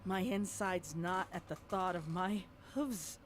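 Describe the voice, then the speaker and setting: A woman narrating an audio drama as a young pony mare overcome by guilt, speaking in a halting, stammering way. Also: on the low side, a little hiss or hum. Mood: shaken.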